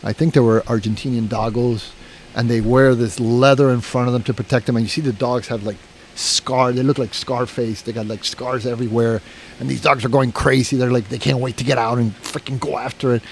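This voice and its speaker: A man's voice: medium pitch, fairly even intonation, a little fast, a little hiss or hum. A man telling a long story in a casual podcast chat, rambling, swearing and restarting his sentences. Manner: rambling, profane, full of "you know" and restarts.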